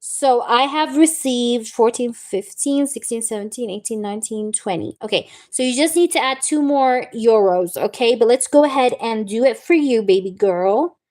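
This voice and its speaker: A woman's voice: a little high, expressive, normal speed, hardly any pauses, a little mellow. Chatty woman tarot reader on a live stream. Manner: chatty, reassuring, calls viewers babe and baby girl. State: recovering from a wisdom tooth removal. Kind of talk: live-stream chat with viewers.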